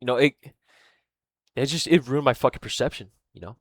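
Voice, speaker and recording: A man rambles through a personal story, swearing freely and often losing track of what he was saying. His voice sits at an ordinary middle pitch. The recording is dry, with almost no room sound. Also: brisk, dry recording. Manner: rambling, profane, keeps losing his thread; filler-heavy, with frequent "right?" and "man". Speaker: vlogger. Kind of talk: casual rambling monologue.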